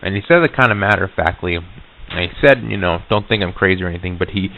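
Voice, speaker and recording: A shaken vending serviceman recounts his story with stops, stammers and restarts, as a man plays him. His voice sits very low and comes through thin and tinny, like an old reel-to-reel tape recording. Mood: uneasy. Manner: halting, stammering, full of restarts and fillers. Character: shaken male vending serviceman recalling a haunting. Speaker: vending machine route worker giving a recorded account. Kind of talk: hesitant spoken recollection on tape.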